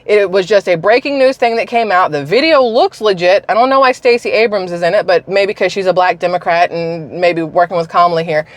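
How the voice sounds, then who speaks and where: A woman's voice: lowish voice, a little fast, few pauses, dry recording. A woman from South Carolina with a mild Southern accent, giving sarcastic, rambling political commentary as the host of her own vlog. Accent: mild Southern American. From South Carolina, raised in Georgia. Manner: sarcastic, animated, rambling with asides. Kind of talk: casual ranting commentary.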